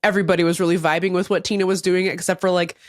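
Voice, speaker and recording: A woman's voice: fairly low pitch, flat delivery, rapid-fire, no room sound, clean studio sound. A young adult woman from the Seattle area, co-hosting a podcast in casual chat and acting out quotes as she tells a story. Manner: chatty storyteller, acts out quotes. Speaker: podcast co-host.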